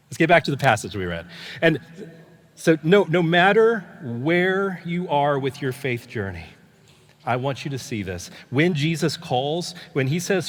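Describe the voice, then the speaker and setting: Pastor in echoing church hall. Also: male voice, fairly high pitch, big pitch swings, measured pace. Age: older. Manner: conversational storytelling with many restarts and fillers. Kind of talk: sermon. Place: church sanctuary. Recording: long hall reverb.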